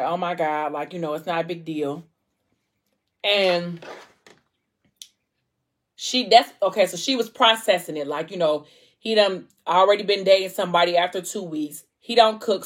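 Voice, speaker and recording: A young adult woman casually retelling a story, chatty and acting out the characters' quoted lines. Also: fairly low pitch.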